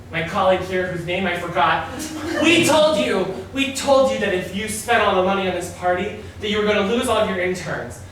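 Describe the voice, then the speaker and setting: A man's voice: high voice, fairly bright tone, slight background noise. A man playing a hesitant young office worker confronting his boss in live improv. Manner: halting, then bold confessional. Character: nervous earnest young male office worker. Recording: echoey stage from far off.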